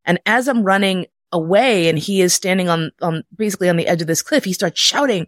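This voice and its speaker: A middle-aged woman casually telling a personal story, animated and profane, jumping into high voices when quoting. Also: moderate pace, no room sound, clean studio sound.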